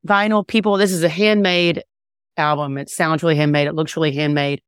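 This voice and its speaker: Smooth-voiced woman, casual chat. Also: fairly low pitch, no echo, studio quality. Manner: relaxed, rambling, many fillers and restarts. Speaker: country singer-songwriter guest.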